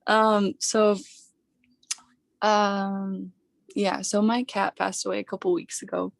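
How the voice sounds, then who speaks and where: A woman's voice: medium pitch, flat delivery, slow pace, gravelly, no echo. A young woman in her twenties, a coaching client on a video call, grieving and hesitant, with many fillers.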